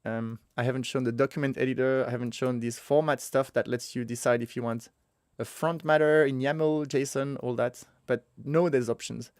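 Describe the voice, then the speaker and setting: Guy coding on screen, talks it through, middle pitch, dry close mic. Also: steady tone, moderate pace, hardly any pauses, no echo. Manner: thinking aloud, self-correcting, chuckles at own mistakes. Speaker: web developer teaching a coding tutorial. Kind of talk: casual screencast coding walkthrough.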